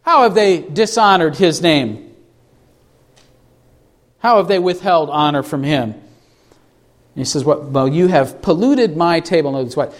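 Reading scripture slowly to stress its meaning, this pastor preaches an expository sermon in a voice on the high side. He puts rhetorical questions to his congregation as he goes.

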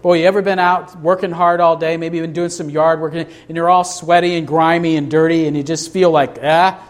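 A man's voice: on the high side, level tone, fairly quick. A man preaching a sermon to a congregation in a church, emphatic, asking rhetorical questions. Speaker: pastor.

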